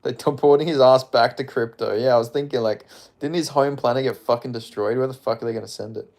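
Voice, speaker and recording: A fast-talking streamer with an ordinary middle-pitched, slightly mellow voice reads comments aloud and riffs on them. His offhand, meandering chatter is full of swearing.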